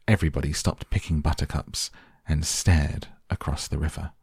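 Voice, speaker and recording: A man with a very deep, husky voice narrates an audiobook in a measured storytelling manner. He is recorded close to the mic in a dry, dead room. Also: flat delivery, a little mellow, no echo. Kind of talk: scripted narration.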